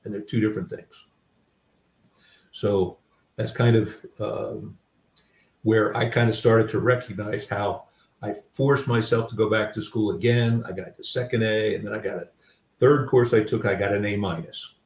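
Older guy telling stories, lots of ums, low-ish voice, echoey room, mic kinda far. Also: fairly even intonation, normal speed. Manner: reflective, with many fillers and restarts. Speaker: guest, author and coach. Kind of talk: conversational storytelling. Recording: roomy sound, distant mic.

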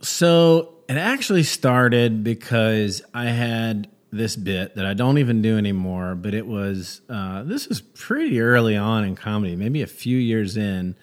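A man who does stand-up comedy, a guest in a casual conversation, telling stories in a lively way with many restarts and false starts. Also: lowish voice, measured pace, few pauses. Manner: animated storyteller, many restarts.

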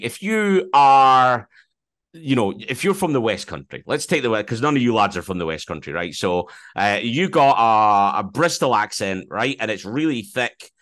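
A man with a Scottish accent, a podcast co-host answering interview questions loudly and slowly. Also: fairly low pitch, dry recording. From Scotland. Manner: loud and slowly spoken.

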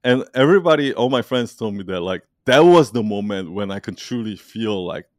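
A man leading an online community, talking casually in an animated, rambling way and laughing often. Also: fairly low pitch, brisk, no room sound, clean studio sound. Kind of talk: casual conversation.

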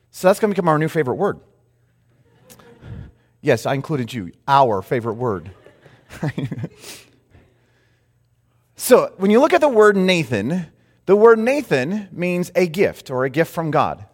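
Animated male preacher in a reverberant hall. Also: a little high. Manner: animated storytelling, acts out quotes. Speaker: pastor. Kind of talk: sermon.

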